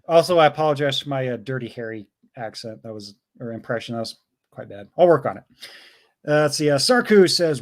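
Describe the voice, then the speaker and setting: A man hosting a casual live stream, reading viewer messages aloud in a relaxed way, with fillers. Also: medium pitch, a little fast.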